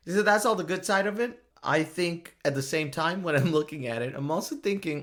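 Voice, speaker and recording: A man's voice: fairly high pitch, lively intonation, fairly quick, few pauses, a bit bright. A man hosting a solo podcast, rambling and joking, laughing often at his own remarks. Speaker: podcast host.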